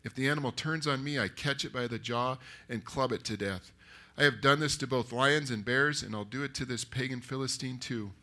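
A man preaching a sermon that retells a story, lively and acting out the characters' lines. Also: medium pitch, a little fast. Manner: animated, acts out the characters. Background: live audience.

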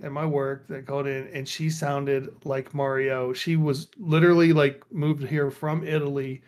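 A man co-hosting a gaming podcast in a loose, casual chat. He tells stories with animation and drops into little quoted voices as he goes. His voice sits fairly high for a man. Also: level tone, normal speed, a little mellow. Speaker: podcast co-host.

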